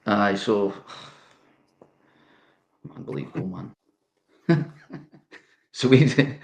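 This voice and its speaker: A middle-aged Scottish former footballer, a guest telling lively anecdotes in a casual interview. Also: male voice, on the low side, extremely slow, long pauses, roomy sound. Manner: animated anecdote telling with laughs.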